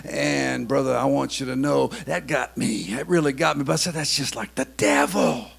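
A man preaching a sermon, swinging between quiet, confiding talk and loud, shouted preaching. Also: medium pitch, normal speed, vocal fry, slightly rough.

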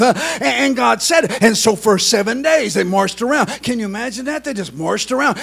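A male preacher delivering a sermon, turning animated and rising into a shouted sing-song at its peaks. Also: high-pitched, fairly quick, vocal fry, hardly any pauses.

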